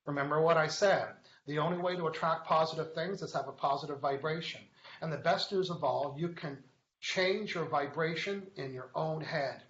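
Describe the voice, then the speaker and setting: A man's voice: a little high, normal speed, a bit bright. A man hosting a live online show, chatting casually, joking and reading viewer comments aloud as he teaches. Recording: echoey, dull lo-fi webcast sound.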